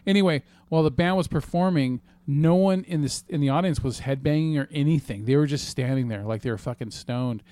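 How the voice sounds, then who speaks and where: A man's voice: a little high, brisk, few pauses, mellow, no room sound. A man chatting casually on a podcast as co-host, telling a rambling, profane story full of fillers. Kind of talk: casual chat.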